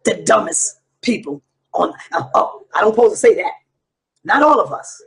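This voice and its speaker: A man hosting his online show delivers a combative, profanity-laced rant at his audience. His voice sits fairly high for a man and is rough and very husky. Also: big pitch swings, moderate pace. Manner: profane, combative, preaching to viewers. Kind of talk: heated ranting monologue.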